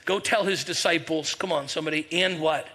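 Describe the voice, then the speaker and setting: A man's voice: fairly high pitch, brisk, breathy edge. A middle-aged man preaching an Easter sermon as pastor, telling funny stories and calling out to the congregation. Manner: energetic storyteller, humorous asides, calls to the congregation. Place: church sanctuary.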